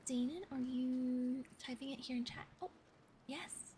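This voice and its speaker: A woman's voice: sits high, steady tone, unhurried, mellow, slight background noise. A woman ASMR streamer chatting playfully with her viewers, often whispering, giggling and swearing casually. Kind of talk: soft-spoken ASMR livestream chat. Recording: rain ambience behind voice.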